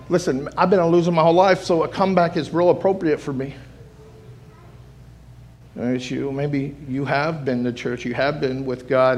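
A man preaching a sermon as pastor, moving from soft pleading to loud shouting and repeating phrases for emphasis. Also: a little high, a little hiss or hum. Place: church sanctuary.

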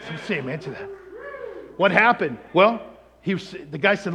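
A man preaching a sermon, telling stories and acting out the people in them with lively quoted voices. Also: fairly high pitch, measured pace, in a large hall. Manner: animated, acts out quoted people. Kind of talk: sermon storytelling.

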